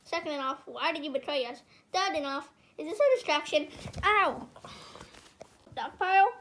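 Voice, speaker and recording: A woman's voice: high-pitched, lively intonation, fairly quick, slight background noise. A woman voicing every character in a homemade cartoon, with frantic yelps and cries of pain. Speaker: fan animator voicing all characters.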